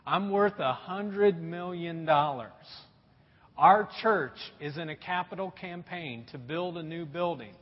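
A man voicing an unbothered wealthy stranded man who calmly says his pastor will find him. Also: on the high side, in a large hall, lo-fi sound. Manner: slow, soothing, unbothered. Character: calm rich stranded man, unbothered and smug.

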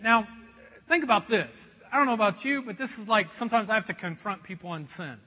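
A man preaching a sermon in a conversational, animated way, acting out voices as he goes. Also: sits high, quick pace, husky. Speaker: pastor. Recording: dull sound with long hall reverb.

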